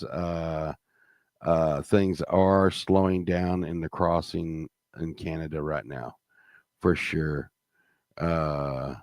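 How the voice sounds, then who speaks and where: A man's voice: deep voice, no room sound, studio quality. A middle-aged man telling a rambling, profane anecdote with plenty of fillers and restarts, growing heated as the story goes on. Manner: grows heated and loud while telling the story. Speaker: storyteller guest.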